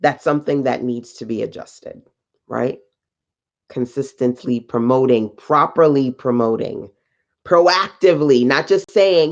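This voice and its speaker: A woman business coach on a live stream, talking slowly and emphatically in a preachy motivational style with slang asides and greetings to viewers. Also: a bass voice, darkish tone, dull audio. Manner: deliberately slow delivery.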